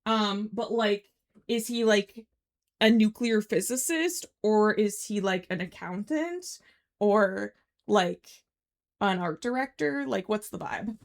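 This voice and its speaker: A woman's voice: medium pitch, slow pace, creaky. A young woman streaming from home, chatting casually and rambling with lots of "like"s. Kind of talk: casual live-stream chat. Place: home room.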